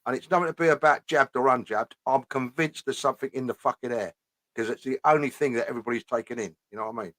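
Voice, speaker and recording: A man's voice: mid-range voice, fast, sharp tone, no echo. Blunt, swearing man ranting. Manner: blunt, swears often, repeats "you know what I mean". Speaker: host. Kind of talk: casual chat, ranting.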